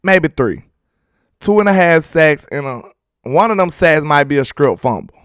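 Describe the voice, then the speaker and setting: Joking male football streamer, smooth voice. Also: fairly high pitch, animated, normal speed, fairly bright tone, dry recording, clean studio sound. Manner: loose, joking, talks to chat, laughs often. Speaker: sports channel host. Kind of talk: casual livestream football talk.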